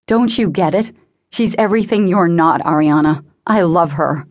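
A woman's voice: lowish voice, fairly even intonation, normal speed, darkish tone, natural voice. A woman voicing a bitter, hostile teenage boy who spits cold contempt.

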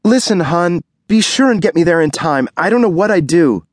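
A man puts on the raised, gentle voice of a young wife heavily pregnant with her first child. She frets and pleads in soft, anxious tones, in a dry, close audiobook recording. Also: high-pitched, lively intonation, moderate pace, dry recording, pitched above the performer's own voice. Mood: worried. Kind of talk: audiobook character voice.

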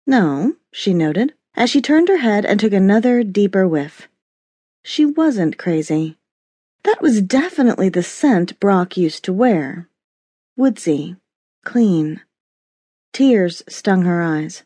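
A woman narrating a romance audiobook in an expressive storytelling manner, close to a studio mic. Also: medium pitch, slow, slightly rough, dry recording. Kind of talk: scripted narration.

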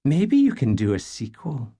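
A man's voice: medium pitch, huge pitch swings, normal speed, creaky, warm tone, breathy edge, dry recording, studio quality, pitched above the performer's own voice, full character voice. A male audiobook narrator voicing a curious, outspoken young woman in a raised, lighter voice.

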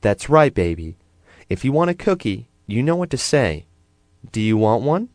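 A man voicing a patient, gentle mother who speaks softly and approvingly in a children's storybook. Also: medium pitch, very animated, moderate pace, no echo, clean studio sound, pitched above the performer's own voice. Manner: soft, approving.

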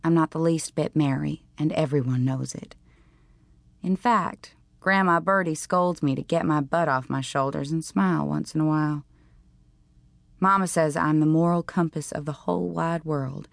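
An audiobook narrator, a woman with a low, gravelly voice, reads a teen novel aloud in the first person. Her delivery is dry, deliberate and wry, with fairly even intonation. The recording is close and dry, with no room sound.

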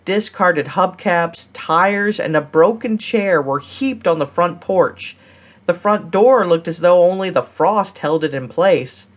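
A woman narrating a romance audiobook in a measured, steady reading style. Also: fairly low pitch. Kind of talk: scripted narration.

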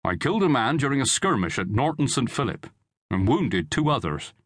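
A man's voice: medium pitch, very animated, brisk, a bit bright, no room sound, studio quality. A man voicing a confident rebel soldier and father who speaks of his army in an assured, airy way, in an audiobook reading.

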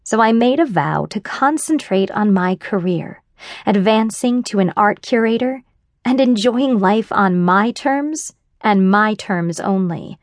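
Casting: female romance narrator, first person, wry, slow and deliberate, dry close mic. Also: mid-range voice, animated, no room sound. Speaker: audiobook narrator. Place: dry studio booth. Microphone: close studio mic.

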